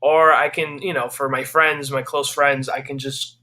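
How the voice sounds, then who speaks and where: A man's voice: medium pitch, flat delivery, moderate pace. A young man, a game developer guest, chats casually and eagerly, talking at length and responding with easy agreement. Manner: eager and talkative, warm agreement. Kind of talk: casual chat.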